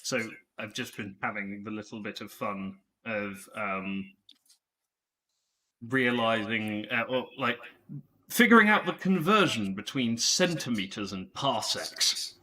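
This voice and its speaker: A man's voice: fairly low pitch, lively intonation, measured pace, sharp tone, slightly rough, poor audio. A man co-hosting a live quiz, chatting in a nerdy, dry, joking way. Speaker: quiz co-host. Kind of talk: casual quiz livestream chat.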